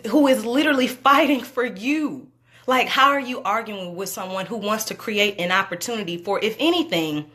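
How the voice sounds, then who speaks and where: A young adult woman giving a chatty, excitable commentary for her vlog, full of "like" and "y'all.". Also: fairly high pitch. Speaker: vlogger.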